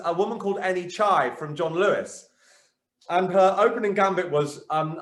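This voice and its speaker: A man who founded a company, telling his own story frankly to a business audience, with many ums and lively retelling. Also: high-pitched, fairly quick. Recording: echoey room.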